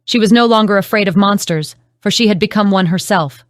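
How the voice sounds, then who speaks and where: Smooth-voiced woman reading an audiobook. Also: mid-range voice, a little fast, no echo, clean studio sound. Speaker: audiobook narrator. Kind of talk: scripted narration.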